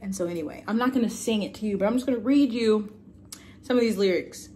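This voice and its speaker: A young woman talks straight to the camera in a loose, chatty vlog, tired and crampy, swearing often. Her pitch sits mid-range for a woman. A faint hum of car and room noise runs underneath. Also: quick pace, warm tone. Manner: frank and chatty, swears freely. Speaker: vlogger. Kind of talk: casual vlog chat. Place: in a car, then at home.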